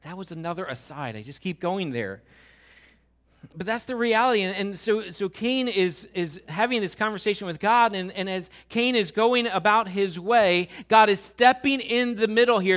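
Male pastor, high bright voice, animated sermon delivery with hushed asides and loud pleas. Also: moderate pace.

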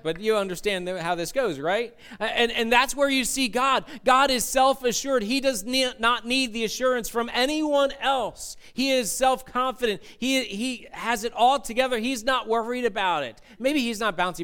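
High-voiced male preacher, animated. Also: moderate pace, clear, resonant tone. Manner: animated, acts out quotes in character voices. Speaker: pastor. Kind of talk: sermon.

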